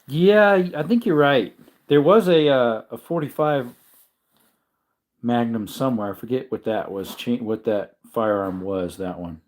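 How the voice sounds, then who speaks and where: A man's voice: mid-range voice, a little slow. A man hosting a casual livestream, talking in a rambling way and correcting himself, tired and yawning. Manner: rambling, self-correcting, relaxed. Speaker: livestream host.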